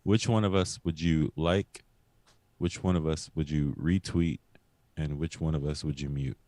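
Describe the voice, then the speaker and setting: Man, very deep voice, dry sound, hesitant, halting, co-host. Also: steady tone, mellow, no echo. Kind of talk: casual podcast chat.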